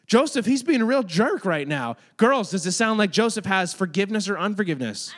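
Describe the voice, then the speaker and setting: High-voiced man, chatty youth pastor. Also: animated, normal speed, a bit bright. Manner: chatty, joking, many filler "like"s; addresses and manages kids in the room. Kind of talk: casual youth sermon. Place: youth group room with children.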